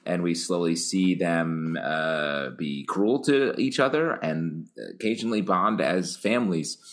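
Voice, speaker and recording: A deep-voiced man talks comics with friends in a casual podcast chat. His delivery is lively and full of pitch swings, leaping upward when he teases the others. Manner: animated, jokey, pitch jumps up when teasing. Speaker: podcast co-host.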